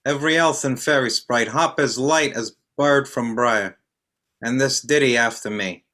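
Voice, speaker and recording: A man's voice: medium pitch, a little slow, pushed and bright. A man reading the parts of a duke and a fairy king in an amateur online play reading, stumbling now and then and repeating words. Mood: solemn. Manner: reads verse with frequent stumbles and repeated words. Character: Theseus, a stately duke, and Oberon, a fairy king.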